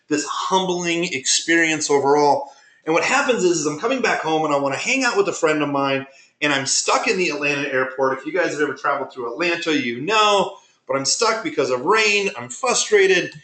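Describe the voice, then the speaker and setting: A man presenting a webinar, telling business stories in an animated way and acting out conversations he had. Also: a little high. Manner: animated, retells conversations with quoted dialogue. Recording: roomy echo.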